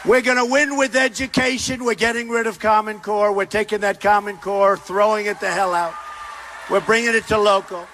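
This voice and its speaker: A man in his sixties giving an emphatic, repetitive campaign speech at a rally, often shouting. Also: high voice, fairly even intonation, normal speed, background noise. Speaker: political candidate at a rally. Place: large university arena.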